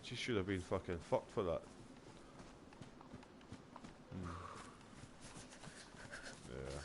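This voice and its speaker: Scottish male streamer, low-pitched, loose and profane storyteller. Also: animated, measured pace, background noise. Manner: sweary, rambling storyteller. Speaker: game streamer. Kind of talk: casual chat while gaming.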